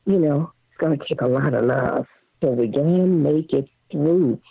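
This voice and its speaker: A woman's voice: deep voice, normal speed, gravelly, slightly rough, no room sound. An older woman, a singer, telling stories in a casual phone interview and acting out the voices of the people in them. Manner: animated storyteller, acts out quotes. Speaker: guest singer. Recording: dry phone line.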